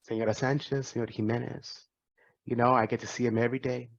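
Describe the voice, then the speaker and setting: A man in his forties speaks earnestly to students, reflecting on his path and often restarting a phrase. His voice sits at an ordinary pitch. The recording is dry and a little dull. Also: flat delivery, quick pace, gravelly, no room sound. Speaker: physician and guest speaker. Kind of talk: personal talk to students.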